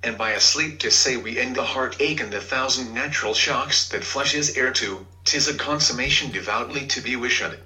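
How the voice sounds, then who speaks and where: A male text-to-speech voice acting as a computer sidekick, speaking in a flat, synthetic monotone. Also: mid-range voice, moderate pace, hardly any pauses, rough recording. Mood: reciting.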